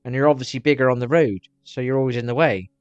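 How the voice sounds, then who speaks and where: A man's voice: mid-range voice, quick pace, clean tone, no echo, dull audio, faint music behind. A man chatting loosely on a live stream while watching videos, swearing freely as he rambles.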